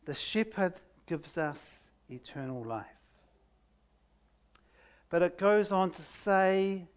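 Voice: medium pitch, lively intonation, smooth. A preacher giving a sermon at a church service, reading scripture aloud with heavy stress on key words and letting each phrase fall nearly silent. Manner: slow, deliberate delivery that drops to near silence at phrase ends.

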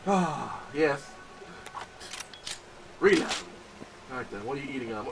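A young man commentating his gameplay, excitable and profane, talking straight to the game and its characters. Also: mid-range voice, measured pace, creaky, distant mic, heavy background noise. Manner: excitable, swears a lot, talks to the game and its characters. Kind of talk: let's play commentary.

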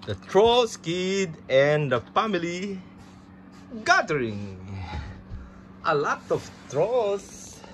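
A woman narrating toy play in slow, simple phrasing with playful sound effects. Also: lowish voice, big pitch swings, a little hiss or hum.

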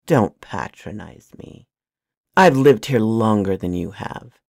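Woman doing a dark young male magician, very low voice, slow, quiet, tense, dry close sound. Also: lively intonation, gravelly, no room sound, full character voice. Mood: menacing.

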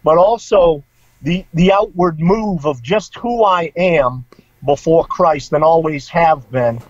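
A man's voice: fairly high pitch, slow, no room sound. A middle-aged man, a former priest, telling his personal story in a casual interview, informal and emotional. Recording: dull lo-fi sound.

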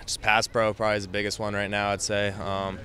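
A young man, a college running back, talks reporters through his plays after a scrimmage. His manner is relaxed and easygoing, and his voice sits a little low. He speaks outdoors. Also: fast, a crowd in the background. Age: young adult. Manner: relaxed, easygoing, laughs between phrases. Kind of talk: post-practice press interview.

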